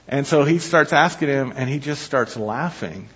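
A man preaching a sermon as pastor, telling a personal story in a conversational way with quick asides. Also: medium pitch, a bit bright, husky. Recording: dull lo-fi sermon recording.

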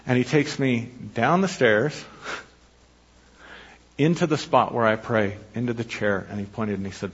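A man preaching a sermon as pastor, telling a personal story in a conversational way with quick asides. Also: medium pitch, breathy edge. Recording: dull lo-fi sermon recording.

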